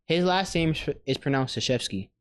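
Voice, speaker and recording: A man co-hosting a podcast in casual chat, ranting with loose, animated outrage and plenty of swearing. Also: a little high, moderate pace. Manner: animated, swears freely, rants with mock outrage. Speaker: podcast co-host.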